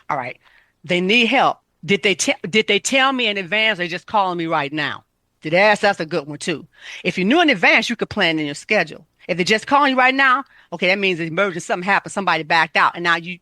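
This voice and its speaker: A woman's voice: lowish voice, pushed and bright, no echo. A woman health coach giving casual, emphatic self-care advice, repeating her points.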